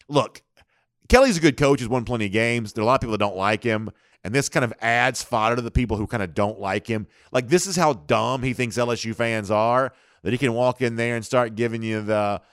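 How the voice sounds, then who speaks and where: Male sports host, animated, chatty, dry close studio sound. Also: mid-range voice, brisk, dry recording. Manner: animated, conversational, mocking. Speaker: sports talk show host. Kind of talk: casual sports talk commentary.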